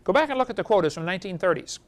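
A man lecturing to a live audience at a creation seminar, animated and throwing rhetorical questions at the room. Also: sits high, rapid-fire.

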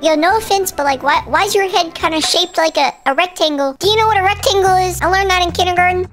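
A man's voice: very high-pitched, fast talker, fairly bright tone, soft background music, pitched above the performer's own voice. A man voicing a cheeky, taunting baby boy through a baby voice filter while prank trolling strangers on video chat.

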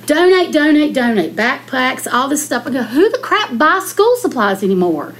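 A woman's voice: high voice, expressive, normal speed, hardly any pauses, rough recording. A middle-aged woman, a county commissioner, speaking bluntly and with emotion in a public meeting debate.

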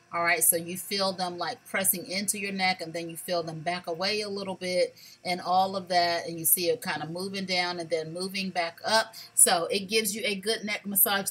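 Sassy animated woman hosting a live sale. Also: medium pitch. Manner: animated, sassy, talks straight to viewers with y'all. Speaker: livestream shopping host. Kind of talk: casual live shopping stream.

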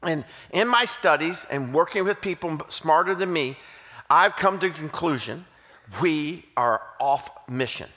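A man's voice: on the high side, lively intonation, measured pace, bright, forceful tone. A man from Kentucky with a Southern accent, preaching to a church as a guest speaker, telling jokes and stories in between. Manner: joking, self-deprecating storyteller. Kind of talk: sermon with folksy humor. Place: church auditorium. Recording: long hall reverb.

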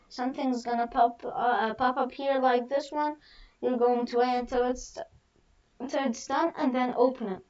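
A woman with a high voice guides viewers step by step through a screen-recorded coding lesson. She talks slowly and hesitantly, often pausing on fillers and restarting. Her voice sits back from a lo-fi, muffled microphone. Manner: halting, many fillers and restarts. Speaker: coding teacher. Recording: distant, dull lo-fi mic.

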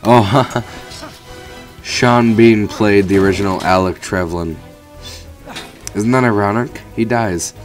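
A man's voice: on the low side, takes it slowly, long pauses, faint music behind. A man giving rambling let's play commentary over a video game, swearing casually at it. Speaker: gamer commentator.

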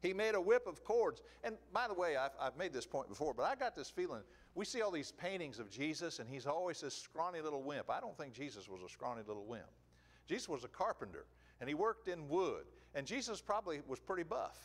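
Male preacher, sermon delivery, animated and emphatic, pitch on the higher side. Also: a little fast. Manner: animated, emphatic, rhetorical questions.

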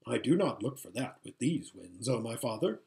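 Brief: arrogant young prince, read by a male narrator, forceful, pushy and grandiose. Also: medium pitch, big pitch swings, moderate pace. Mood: eager.

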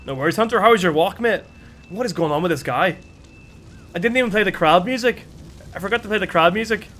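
A young man streaming a video game, chatting casually and excitedly with his viewers. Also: sits high, quick pace. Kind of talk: casual live-stream commentary. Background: game music and sounds.

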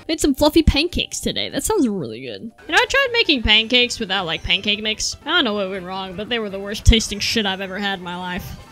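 A young woman in her twenties chats through a racing game stream with a high, bright voice that swings up and down with energy. She is excitable and jokey, often breaking into silly sound effects, with faint game music under her. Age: 20s. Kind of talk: casual gameplay commentary.

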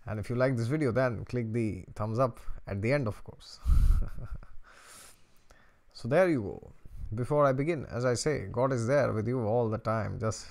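A man's voice: mid-range voice, normal speed, creaky. Chuckling man hosting an astrology channel. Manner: chatty, often breaks into chuckles. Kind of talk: casual storytelling to camera.

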